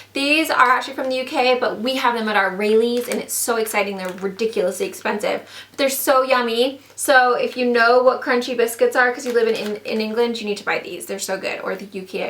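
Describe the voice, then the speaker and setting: A woman's voice: fairly high pitch, a bit bright. A young woman with a slight lisp, gushing about her favorite fall finds in a casual vlog, with lots of "like" and "so cute.". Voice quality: slight lisp from dental trays. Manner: bubbly, gushing, says "like" often. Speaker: beauty and lifestyle vlogger. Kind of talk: casual product haul vlog.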